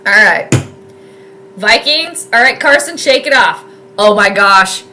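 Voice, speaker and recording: A young woman giving casual live commentary on a football game from her home, chatting with viewers and yelling at plays. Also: mid-range voice, lively intonation, slow pace. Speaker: sports commentator and astrologer streaming live. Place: home room with space heater.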